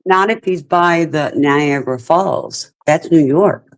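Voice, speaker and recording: This is a woman hosting an open chat panel who teases her guests and laughs easily. She talks slowly and takes her time. Her voice sounds dry and close to the mic. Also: deep voice, no echo, poor audio. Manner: teasing, laughs often. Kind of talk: casual group chat.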